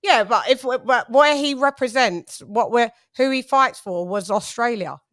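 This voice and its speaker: A woman's voice: fairly high pitch, moderate pace, fairly bright tone, no echo. A British woman hosting a casual boxing chat who argues her point emphatically and swears freely. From Britain. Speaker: host.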